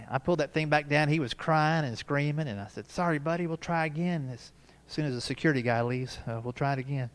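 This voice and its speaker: A man in his fifties with a voice on the high side does a stand-up comedy set at a live show in a church hall. He tells folksy family stories broken up by punchy asides.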